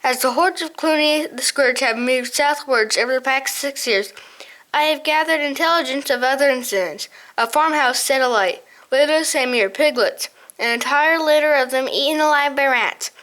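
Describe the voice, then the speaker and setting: A woman's voice: sits high, normal speed, fairly bright tone. A woman voicing a frail ancient male mouse who keeps records, muttering and doddering as he talks. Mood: grave.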